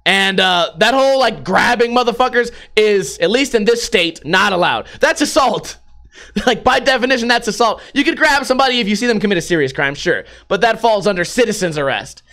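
A man delivering a casual vlog monologue, animated and full of swearing. His voice is high-pitched and bright. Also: brisk. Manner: profane, animated storytelling with laughs. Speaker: vlogger.

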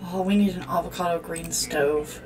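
A woman's voice: lowish voice, fairly even intonation, moderate pace, recorded from a distance. A woman hosting a let's-play, commenting on a life-sim game in a profane, exclamatory way as she talks at the characters. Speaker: gaming channel host.

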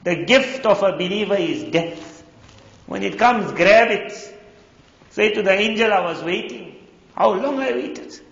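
Man, sermon, high voice, gravelly, storytelling, echoey hall. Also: unhurried, a bit bright. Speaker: Islamic preacher. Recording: echoey hall, dull lo-fi sound.

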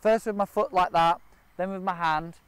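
A man's voice: high voice, steady tone, normal speed, a bit bright, smooth, dry recording. A man training gundogs outdoors, explaining each step in a practical way. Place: outdoors in a park and by a river.

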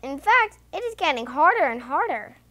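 A woman's voice: sits high, sing-song, moderate pace, a bit bright. A woman voicing a small, mud-loving male piglet who is easily upset, with squealy exclaiming lines. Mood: eager.

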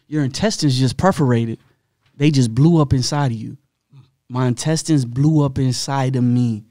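A man's voice: medium pitch, darkish tone, dry recording, studio quality. A man as a podcast guest, telling his own story in a candid, blunt way, full of slang and swearing.

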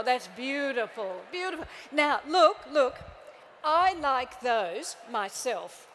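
High, lively woman giving a motivational talk. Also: slow, a little hiss or hum. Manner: playful, animated, acts out little quoted scenes; coaxing the crowd into joining in. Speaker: motivational speaker. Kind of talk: live keynote talk to an audience.

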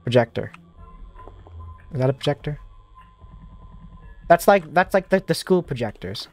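A man talks his way through a creepy game in a loose, rambling flow full of restarts. His pitch swings widely, and soft music hums faintly behind him. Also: expressive, a little slow. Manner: rambling, self-talking, lots of fillers and restarts. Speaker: streamer playing a horror demo disc. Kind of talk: casual let's-play commentary.

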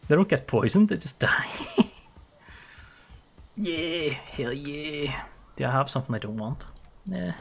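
Man, game streamer, playful, excitable, laughs a lot, very animated pitch. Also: measured pace, gravelly, pauses often, slight background noise. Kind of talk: live gameplay commentary.

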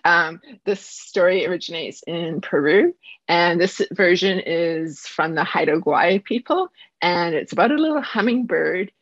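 A woman teacher from Canada presents at an online conference from her home. She talks fast and earnestly, a little nervous, and her voice is husky. The video-call audio is dry and dull. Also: lowish voice, animated, no echo. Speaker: high school math teacher presenting a project.

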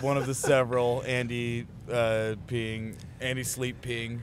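Riding in a moving van, a touring band crew member tells a rambling, profane, self-mocking road story in casual chat. His mid-range voice is flat and measured in pace.

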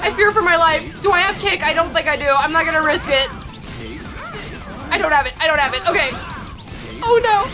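A woman's voice: extremely high pitch, expressive, a little fast, pauses often, crowd noise. A woman hosting a casual gameplay chat, dramatic with anxious exclamations, over game music. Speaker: host gaming.

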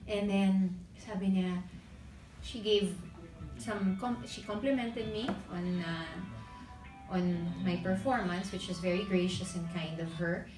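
A Filipina woman tells a personal story with lively, emotional energy, moving between English and Tagalog. Her voice is mid-pitched and sits a little back from the mic, in an echoey room with faint background noise. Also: unhurried, distant mic, soft background music. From Philippines. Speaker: actress sharing a story. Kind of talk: casual storytelling. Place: press event room.

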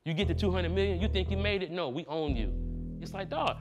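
A man playing a defense attorney in an improvised comedy courtroom, arguing in a heated, animated and slangy way. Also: high-pitched, fast talker, muffled recording, over music. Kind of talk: improvised comic courtroom argument.

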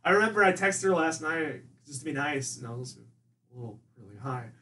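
A man's voice: expressive, fairly quick, bright, forceful tone. A young man guest on a casual podcast, rambling through family stories with lots of "like" and imitating his mom. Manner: rambling, heavy use of "like", mimics his mom in a higher voice. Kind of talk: casual storytelling chat. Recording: distant mic with faint ambient noise.

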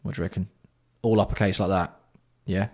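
A man hosting a casual livestream, bantering with chat and swearing freely while keeping his voice fairly hushed. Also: deep voice, fairly even intonation, a little fast, husky. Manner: banter-filled, sweary, reads out and answers chat. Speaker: livestream host.

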